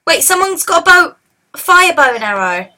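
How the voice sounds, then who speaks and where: A woman hosting a casual let's-play, chatting and excitably yelling at the game. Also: extremely high pitch, normal speed. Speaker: gaming channel host.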